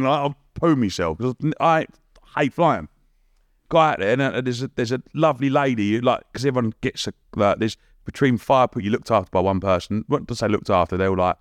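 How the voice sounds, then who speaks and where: A man's voice: medium pitch, expressive, a little fast, dry recording, clean studio sound. Chatty man telling stories. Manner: chatty, laughing, full of slang and banter. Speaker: podcast guest. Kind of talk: casual storytelling.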